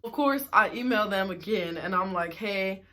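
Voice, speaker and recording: A woman's voice: medium pitch, expressive, normal speed, a bit bright. Exasperated young woman telling a storytime. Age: young adult. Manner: exasperated, slangy, sarcastic. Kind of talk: casual storytime chat.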